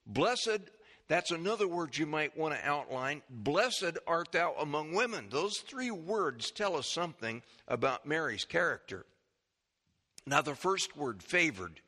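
A man preaching a sermon, reading scripture in a slow, measured way and then teaching the congregation with questions. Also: on the high side, big pitch swings, bright, forceful tone. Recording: long echo of a large hall.

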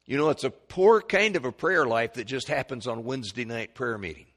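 A man preaching a Bible lesson, chatting at first, then climbing to loud, emphatic peaks when he quotes scripture, with stammered restarts. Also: medium pitch, lively intonation, fairly quick, breathy edge. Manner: conversational teaching with stammered restarts. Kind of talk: Bible teaching sermon.

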